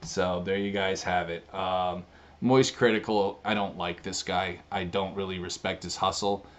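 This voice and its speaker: Very deep-voiced brash man ranting. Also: fairly even intonation, unhurried, highs cut off. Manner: brash, swearing, laughing between lines. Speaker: online streamer. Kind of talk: casual video rant.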